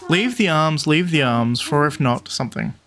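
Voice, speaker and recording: A man's voice: a little high, animated, moderate pace, a bit bright. A man doing an eager bird reporter. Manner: upbeat, calls listener partner. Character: eager male bird reporter, friendly and jumpy.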